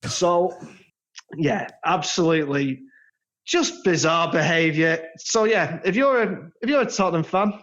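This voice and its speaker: A man's voice: fairly high pitch, unhurried, fairly bright tone. An English man co-hosting a football podcast in casual, jokey chat. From England. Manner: chatty, jokey, trails into laughs. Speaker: podcast co-host. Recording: slightly dull lo-fi sound.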